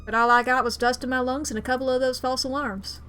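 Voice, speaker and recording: Upbeat ghost hunter girl, cheerfully morbid, a lady reading her, bright voice. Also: high voice, steady tone, fast, faint music behind. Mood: wistful. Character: eager ghost-hunting young woman, cheerfully morbid.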